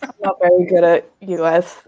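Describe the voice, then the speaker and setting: A woman's voice: on the low side, level tone, normal speed, dark tone, lo-fi sound. A woman in her twenties in a casual group chat, easygoing and amused. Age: 20s.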